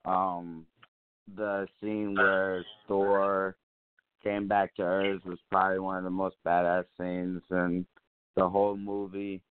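A man's voice: low-pitched, level tone, slow, clear, resonant tone. A man giving his take in a casual movie chat, hesitant, with many fillers. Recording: tinny phone-like line.

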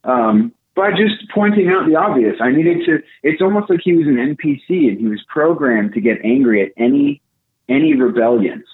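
A young man telling a casual story, animated and profane, acting out what people said. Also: mid-range voice, moderate pace. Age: young adult. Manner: animated, profane, acts out quotes. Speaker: podcast co-host. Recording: tinny phone-like line.

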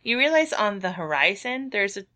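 A woman running a tabletop game as game master, narrating haltingly with many fillers. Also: mid-range voice, very animated, sharp tone.

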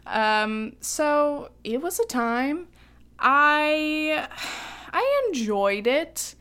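A woman's voice: high voice, big pitch swings, drawn-out words, a bit bright. A young adult woman co-hosting a podcast in casual chat, chatty and giggly, with lots of ums and likes. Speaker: podcast co-host.

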